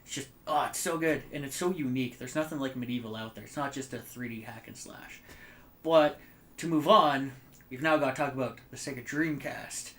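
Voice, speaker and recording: A man in his twenties co-hosting a casual gaming podcast, with a bright, forceful voice. He tells long, rambling stories full of fillers and the odd curse word, all at an ordinary middle pitch. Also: fairly quick. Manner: rambling, animated storytelling with frequent fillers and swearing. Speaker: podcast co-host. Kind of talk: casual chat.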